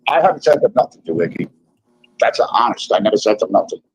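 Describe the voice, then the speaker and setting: An older man with a New York accent, a guest on a livestream chat, excitable and repeating himself as he insists he is honest. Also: on the low side, fast, breathy edge, no room sound, poor audio.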